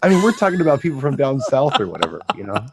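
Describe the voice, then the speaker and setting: A man chatting casually as a DJ co-host, telling stories in a rambling, animated way with lots of restarts. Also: medium pitch, racing, a little hiss or hum. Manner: rambling, animated storytelling with frequent restarts and mimicked voices. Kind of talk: casual chat.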